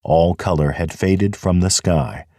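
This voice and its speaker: A man reading an audiobook in a measured, expressive narration. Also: low voice, no room sound, clean studio sound. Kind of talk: scripted narration.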